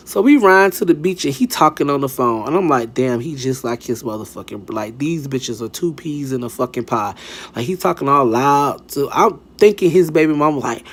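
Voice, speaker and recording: A man's voice: sits high, big pitch swings, normal speed, vocal fry. A young man telling a casual storytime, sassy and dramatic, swearing freely and acting out the dialogue.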